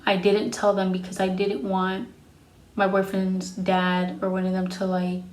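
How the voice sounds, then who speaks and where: Blunt young woman, flat delivery. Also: mid-range voice, a little slow, roomy sound. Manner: frank and profane, blunt retelling. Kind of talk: casual storytime vlog.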